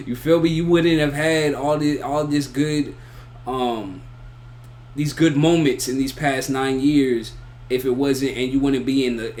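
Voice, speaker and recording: An anime reaction YouTuber with a medium-pitched, darkish voice gives a casual, rambling spoken review of an anime, packed with slang and repeated "you feel me" and "bro".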